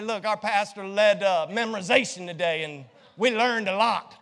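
A middle-aged man preaching a sermon with a notably high voice, joking with his congregation and firing rhetorical questions at them. His words ring out with a long reverb from the church hall around him. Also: fairly quick, hardly any pauses. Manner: lively, joking, quizzes the congregation. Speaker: pastor.

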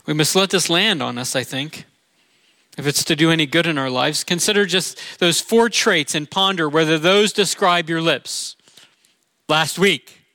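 A man's voice: a little high, moderate pace, pushed and bright, dry recording. A middle-aged man with a Midwestern accent, preaching a sermon in an earnest, conversational way with rhetorical questions. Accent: Midwestern American. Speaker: pastor.

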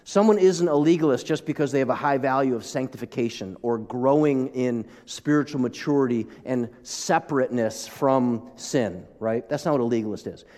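A male pastor delivers a sermon in an easy, conversational way, turning aside now and then to speak to the congregation. His voice sits at an ordinary middle pitch for a man. A long reverb trails after his words, as in a large church sanctuary. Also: moderate pace, hardly any pauses, a little mellow.

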